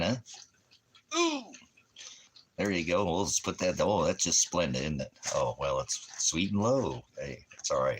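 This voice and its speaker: A man's voice: rumbling low, fairly bright tone, slight background noise. A man hosting an internet ministry channel, talking in a rambling online monologue that keeps drifting into jokes he laughs at himself.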